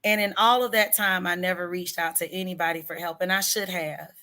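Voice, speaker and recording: Bright, tense-edged woman singer-songwriter as guest, candid and emphatic storyteller, leans on key words. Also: on the low side, fairly even intonation. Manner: earnest and emphatic, drawn-out words for stress; candid about hard personal struggles. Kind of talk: personal storytelling in an interview.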